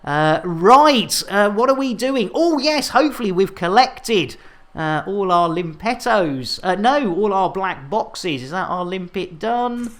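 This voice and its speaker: A man's voice: sits high, expressive, unhurried, fairly bright tone. Jokey man streaming a game. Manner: jokey, innuendo-laden, chatty with viewers. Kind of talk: live gameplay commentary.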